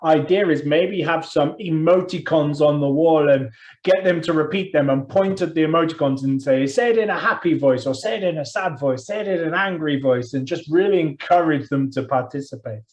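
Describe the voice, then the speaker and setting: A man's voice: a little high, fairly quick, a little mellow, rough recording. A man co-hosting a teacher training webinar, jokey and self-deprecating in a loose, chatty way. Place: online webinar.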